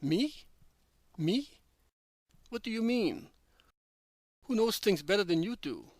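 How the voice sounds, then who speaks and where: Judas: resentful, protesting apostle, read by a man, slightly high voice, dry recording. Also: sing-song, slow pace, no echo, exaggerated voice. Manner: protesting, insistent. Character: Judas, anxious resentful adult male apostle.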